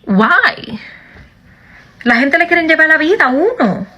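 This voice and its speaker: A woman chatting casually to camera in an animated way, switching between two languages. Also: high-pitched, moderate pace. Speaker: video creator.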